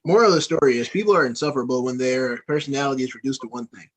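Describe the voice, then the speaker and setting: A man's voice: mid-range voice, fast talker, a bit bright, slight background noise, poor audio. A man hosting a casual podcast chat with friends, rambling and laid-back with many fillers. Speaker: podcast host.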